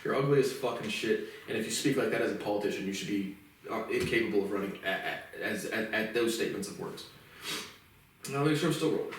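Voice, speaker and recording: A man's voice: lowish voice, a little hiss or hum. A man giving a profane, rambling and indignant solo commentary. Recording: very echoey room, mic far off.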